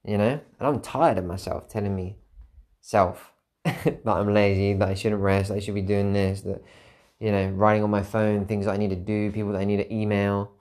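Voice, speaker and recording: A man with a fairly low voice speaks alone as a podcast host, tired and unguarded. He rambles reflectively and circles back over the same phrases to press his point home. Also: steady tone, normal speed, a little mellow. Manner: candid, rambling, repeats phrases for emphasis. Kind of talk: reflective solo monologue.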